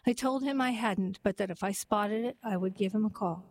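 A woman narrating a heartwarming story and then reading a poem aloud in a gentle, even storytelling manner. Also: medium pitch, brisk, no echo, rough recording.

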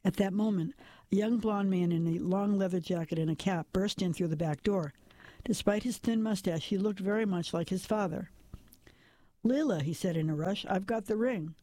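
A man reading a crime novel aloud in even, steady scripted narration. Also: sits high, brisk, dry recording. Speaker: audiobook narrator.

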